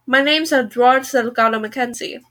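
A wounded, accusing middle-aged writer with an Anglo accent, as a woman reads him aloud. He has a bright, fairly high voice and swings between apology and bitterness. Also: normal speed, lightly acted. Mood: apologetic.

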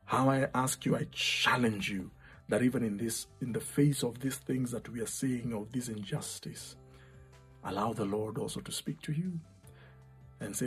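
Husky-voiced man preaching a sermon. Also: medium pitch, normal speed, faint music behind. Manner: impassioned, repeating phrases, dropping to a hush.

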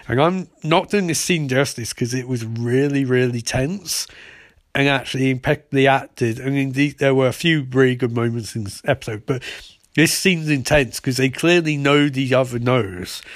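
A man's voice: medium pitch, moderate pace, no echo, clean studio sound. A man giving a casual, rambling, profane recap and review of a TV episode, sarcastic in tone.

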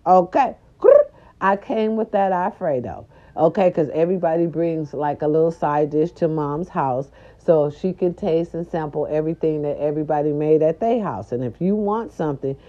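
A woman vlogger telling a casual story straight to her viewers in a sassy, animated way. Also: sits low, moderate pace. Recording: dull lo-fi recording.

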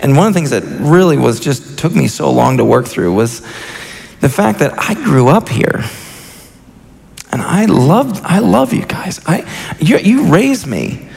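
A man in his thirties delivers a sermon in an earnest, impassioned way, his fairly high voice carrying a gravelly edge. He often restarts his sentences as he works through his thoughts. The words ring out through a reverberant church hall with faint music underneath. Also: very animated, measured pace, darkish tone. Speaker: senior pastor. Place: church sanctuary.

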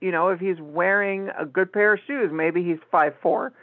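An interview host heard through a thin, phone-like line with a dry, close sound. The talk is reflective and measured, with an occasional "um". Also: mid-range voice, no room sound.

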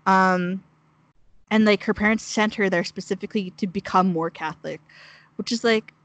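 A woman's voice: medium pitch, moderate pace, a bit bright. Young woman telling a heartfelt story. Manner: rambling, heavy use of "like", emotional storytelling. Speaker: guest sharing a mission story. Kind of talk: casual chat.

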